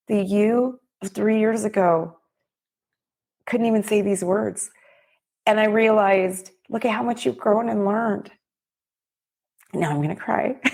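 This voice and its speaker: Middle-aged woman with a bit of vocal fry, podcast host talking straight to listeners, heartfelt and preachy. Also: mid-range voice, a little mellow. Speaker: podcast host and business coach. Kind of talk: motivational talk.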